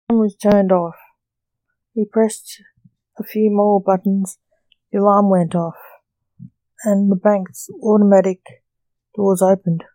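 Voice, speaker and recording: A woman reading her short story aloud, slow and deliberate. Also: mid-range voice, mellow, no room sound.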